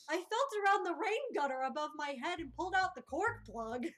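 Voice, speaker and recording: A woman's voice: extremely high pitch, expressive, fairly quick, hardly any pauses, fairly bright tone. A young woman streamer reading a visual novel aloud on stream with dramatic delivery and frequent laughter. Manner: reads dialogue dramatically, laughs often. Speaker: game streamer. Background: game music.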